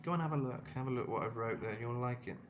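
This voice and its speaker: A man's voice: mid-range voice, quick pace, noisy background. A man giving a casual vocal lesson in a chatty way, full of fillers and asides. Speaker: vocal coach.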